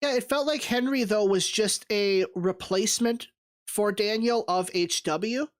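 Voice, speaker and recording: Co-host, casual film chat, reflective and halting, medium pitch. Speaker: podcast co-host.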